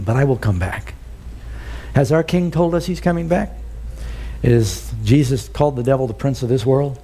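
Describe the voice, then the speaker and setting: A man's voice: medium pitch, dark tone. A man preaching a sermon, telling a story earnestly and asking his listeners questions.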